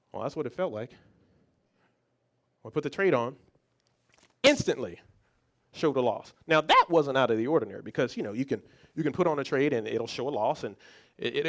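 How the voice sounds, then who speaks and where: Animated man telling a story. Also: a little high, normal speed. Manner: animated, many restarts and repeated words. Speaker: psychologist and speaker. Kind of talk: motivational storytelling talk.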